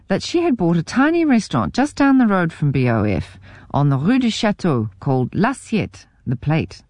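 Brief: New woman reading a memoir, low voice that rises and falls a lot, wry and self-mocking. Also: darkish tone, no room sound. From New Zealand. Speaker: memoir narrator.

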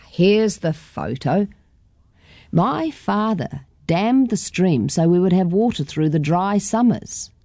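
A gentle old grandmother from a storybook speaks slowly and softly about the past, as a woman reader puts her on. Her tone is mellow and low, in a dry, close recording. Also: no echo. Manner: slow, soft, reminiscing.

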